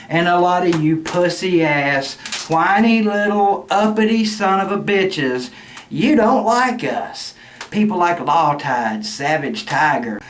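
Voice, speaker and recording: A middle-aged man, an angry sports fan venting in a profane rant. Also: a little high. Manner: angry, cussing, loud outbursts. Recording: roomy echo, faint noise.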